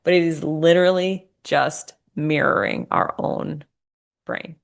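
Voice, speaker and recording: Reflective low-voiced woman co-host. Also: steady tone, unhurried, creaky. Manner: reflective, explains ideas at length, mimics voices for effect. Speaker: podcast co-host. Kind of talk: casual podcast chat.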